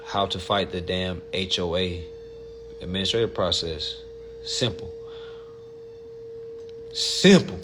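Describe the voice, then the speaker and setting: A man's voice: low voice, little pitch movement, moderate pace, background noise. A man hosting a casual livestream and answering viewer questions, blunt and profane, and often calling his listeners family.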